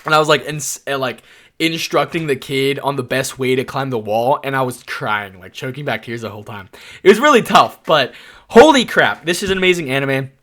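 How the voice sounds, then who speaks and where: A young adult man giving casual tier-list commentary, telling rambling, excitable stories padded with lots of "like". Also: medium pitch, brisk. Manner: excitable, rambling storyteller full of "like". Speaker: anime YouTuber.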